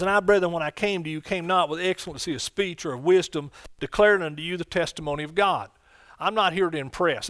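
A man preaching a sermon as pastor, exuberant, with bursts of shouted exclamations. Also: fairly high pitch.

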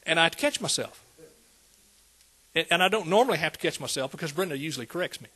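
A man's voice: fairly high pitch, expressive, quick pace, bright, forceful tone, slightly rough. A man preaching a sermon, conversational and calling out to the congregation. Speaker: pastor.

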